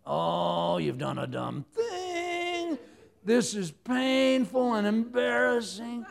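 A man voicing his own hand as a fussy, scolding body part, speaking slowly in a raised, drawn-out voice. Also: sing-song, creaky, exaggerated voice. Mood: fretful scolding. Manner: slow, drawn-out, high.

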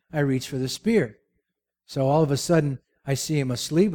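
A man's voice: mid-range voice, moderate pace, mellow. A man preaching a sermon, telling the story with jokes and rhetorical questions. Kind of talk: sermon with humorous asides.

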